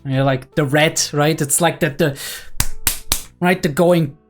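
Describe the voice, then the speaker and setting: A young man giving casual anime reaction commentary, excited and analytical, often checking in with "right?" and filler "like". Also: fairly high pitch, unhurried, faint music behind. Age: young adult.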